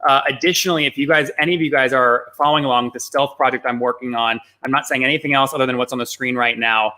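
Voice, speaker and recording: A man hosting a live online business show, wrapping up with brisk promotional remarks to viewers. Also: medium pitch, steady tone, sharp tone. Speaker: show host.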